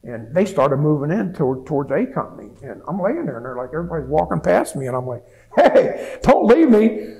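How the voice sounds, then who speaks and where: A man's voice: on the high side, animated, quick pace, gravelly, hardly any pauses, darkish tone, rough recording. A man in his seventies, a veteran giving an oral history interview, telling his story plainly with frequent restarts and repeated words. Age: 70s.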